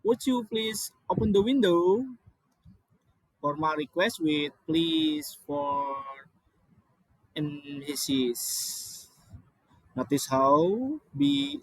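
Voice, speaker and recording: Non-native English speaker, male, high voice, dry close recording; halting slide-reading delivery with frequent restarts. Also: no echo, low-quality recording. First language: not English. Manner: halting, many restarts and apologies.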